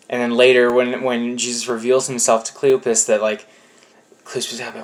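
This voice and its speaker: A man's voice: mid-range voice, flat delivery, normal speed, a bit bright. Casual young man preaching. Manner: conversational, acts out quotes with playful voices. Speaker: youth pastor. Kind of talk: casual youth sermon.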